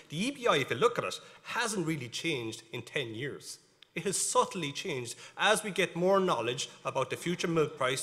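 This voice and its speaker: An Irish man presents at a conference, walking the audience through each point with a fairly high voice. He talks emphatically and dares the room to challenge him. His voice rings out with a long echo in a large hall. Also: pushed and bright. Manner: emphatic, challenging, explains step by step. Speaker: animal geneticist giving a conference talk. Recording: reverberant hall.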